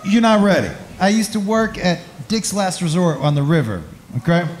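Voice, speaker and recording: A man's voice: sits high, expressive, normal speed, roomy sound. A man telling a crude, self-mocking stand-up story on a comedy club stage.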